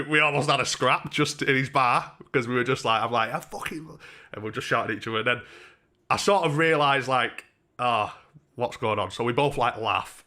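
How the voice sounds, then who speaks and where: Young man, bright crisp tone, swearing constantly, rambling livestream story from a home kitchen. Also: mid-range voice. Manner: sweary, rambling, restarts a lot, animated when quoting. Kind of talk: rambling anecdote told on a live stream.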